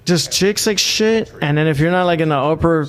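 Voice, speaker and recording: A man's voice: a little high, a little fast. A man telling crude, boastful stories in casual podcast chat, swearing heavily and drawing out his emphatic lines. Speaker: podcast co-host.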